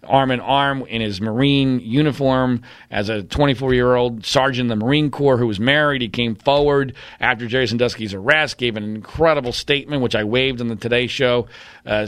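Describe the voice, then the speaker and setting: A man's voice: mid-range voice, moderate pace, a bit bright, dry recording. A man giving an emphatic, combative monologue with blunt opinions. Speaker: commentator.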